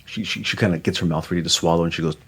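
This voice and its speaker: A man co-hosting a podcast, chatting casually and telling an animated story that acts out the lines of other people. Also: low-pitched, racing, husky. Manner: animated storyteller, acting out quoted dialogue. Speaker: podcast co-host.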